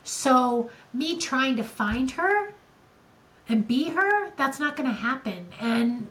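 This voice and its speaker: A woman's voice: sits high, very animated, slow pace, a bit bright, low-quality recording. An older woman co-hosting a podcast, talking candidly and emotionally in casual conversation, with frequent restarts. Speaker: podcast co-host.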